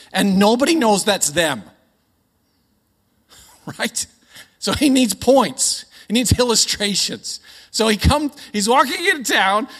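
Chatty Canadian preacher man, echoey hall. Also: high voice. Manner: chatty, joking, animated storytelling. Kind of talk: sermon.

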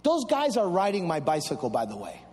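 A male pastor preaching a sermon, telling a story that builds into fervent shouted refrains. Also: a little high, huge pitch swings, fairly quick, in a large hall, a little hiss or hum. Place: large church.

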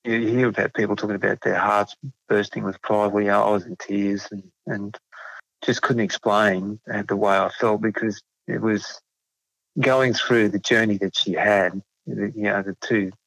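A middle-aged man, a proud father talking about his daughter's selection in a halting, emotional way. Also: fairly low pitch, steady tone, gravelly, fairly bright tone, no echo, poor audio. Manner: halting, emotional, many restarts.

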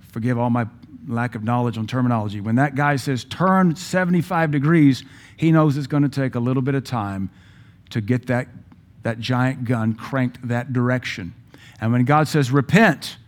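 A man preaching a sermon in a blunt, emphatic way, with sudden loud stresses, acting out the people he quotes. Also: mid-range voice.

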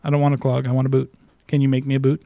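A man's voice: medium pitch, completely flat delivery, very fast, gravelly, no room sound, lo-fi sound, natural voice. A man voicing a bumbling Canadian pirate with a peg leg, growling pirate talk. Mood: plaintive.

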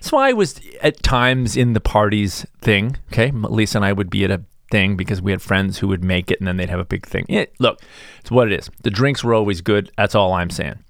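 Low-pitched male host, rambling self-deprecating comic monologue, dry close sound. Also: brisk, no echo. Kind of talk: casual comedic monologue.

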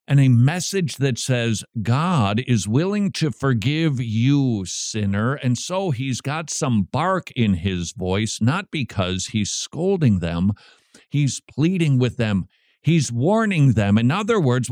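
A man hosts a radio show from a dry, close studio mic. He talks slowly and emphatically, his pitch swinging widely as he adds wry asides. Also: darkish tone, no echo. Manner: slow, emphatic, with wry humor. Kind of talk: commenting on a recorded sermon.

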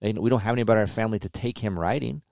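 A man's voice: fairly low pitch, racing, gravelly, no room sound, studio quality. A middle-aged man hosting a podcast, talking candidly and with plenty of profanity about family pressures. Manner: candid, profane, animated storytelling. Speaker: podcast host. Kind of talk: casual chat.

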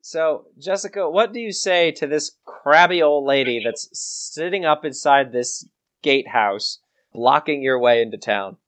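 A man's voice: a little high, unhurried, fairly bright tone. A man narrating a tabletop game as game master, rambling and hesitant with many restarts.

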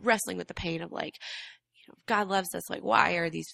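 A woman's voice: on the low side, fairly quick, creaky, bright, forceful tone, no room sound. A young adult woman telling her story reflectively in a casual podcast chat, her voice cracking from allergies. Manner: reflective, earnest storytelling with many fillers. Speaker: guest. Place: Atlanta.

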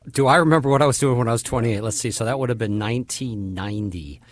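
A man in his fifties hosting an interview, talking quickly and casually. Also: mid-range voice, no room sound, studio quality. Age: 50s. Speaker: podcast host.

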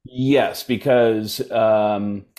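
Animated male comedian telling stories. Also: on the low side. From United States. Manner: animated, does quick voices mid-story, laughs through anecdotes. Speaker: guest comedian. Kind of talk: casual storytelling.

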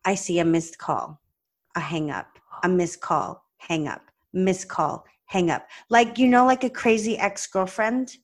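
A woman hosting a podcast, chatting casually and retelling a tense phone call with animated, lively delivery and plenty of "like"s. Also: on the low side, unhurried. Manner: chatty, many "like"s and restarts. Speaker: podcast host and practice owner. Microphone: podcast microphone.

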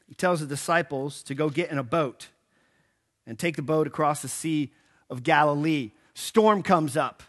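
A man's voice: fairly high pitch, moderate pace. A man preaching a sermon in church, telling the story casually and playfully, with a joke now and then. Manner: animated storytelling, acting out quotes; casual and joking. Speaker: pastor.

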